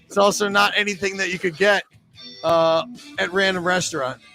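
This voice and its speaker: A man's voice: high-pitched, fairly even intonation, moderate pace, gravelly, sharp tone, faint music behind. A man with a New England accent hosting bar trivia, joking and chatty as he reads questions and scores. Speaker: trivia host.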